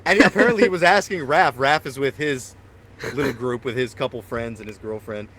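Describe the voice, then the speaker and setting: Brisk and a bit bright, this medium-pitched male voice belongs to a band member co-hosting a laid-back podcast. He swaps band stories in casual chat, full of laughter and impressions of friends.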